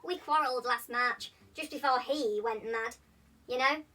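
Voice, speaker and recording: A woman's voice: fairly high pitch, unhurried, bright, forceful tone, recorded from a distance. A woman voicing a mad, contrary male hatter, huffy and theatrical. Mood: mournful.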